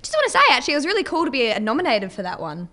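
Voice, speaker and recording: A woman's voice: high-pitched, very animated, racing, sharp tone. A young woman hosting an awards show with a cheerful, upbeat delivery. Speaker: awards host.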